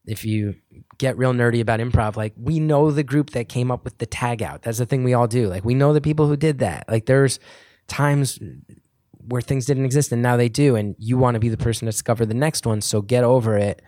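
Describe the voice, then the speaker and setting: A man's voice: mid-range voice, brisk, mellow, dry recording, studio quality. A man in his late thirties, a comedian answering audience questions in a rambling, self-deprecating way, with lots of "like" and restarts. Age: 30s. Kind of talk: casual rambling Q&A talk. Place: live venue with an audience.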